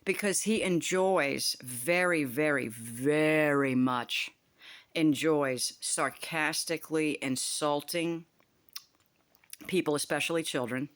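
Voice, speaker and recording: A woman's voice: deep voice, takes it slowly. Profane ranting older woman. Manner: profane, heated, rambling. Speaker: vlogger. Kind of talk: ranting monologue to camera.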